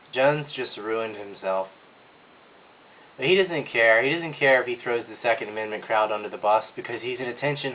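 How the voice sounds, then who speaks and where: A man's voice: mid-range voice, a bit bright, a little hiss or hum, poor audio. Man ranting in mocking commentary. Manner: blunt, mocking, crude insults. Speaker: video commentator.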